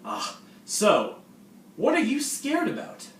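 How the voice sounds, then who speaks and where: A young man playing a pompous know-it-all high school senior, loud and patronizing. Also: huge pitch swings, takes it slowly, full character voice. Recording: roomy, distant mic, faint noise.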